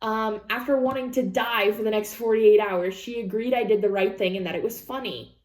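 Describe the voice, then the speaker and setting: A woman vlogger reading an online story aloud and reacting to it in casual chat, blunt and freely swearing, with animated asides. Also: medium pitch, a little fast. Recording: roomy echo.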